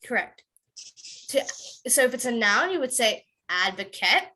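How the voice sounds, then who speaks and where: A woman teaching English word stress to kids in an online class. She draws words out slowly, repeats them many times, and slips into quick asides. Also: sits high, expressive, bright, forceful tone. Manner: switches into quick Tamil asides.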